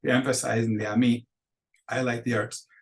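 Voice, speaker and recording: A man gives a recorded beginner Spanish lecture. He talks at a middling pitch and walks through the grammar patiently, step by step. He reads example phrases aloud for students to repeat. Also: level tone, brisk, rough recording. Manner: patient, explains step by step, models phrases for repetition. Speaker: Spanish teacher.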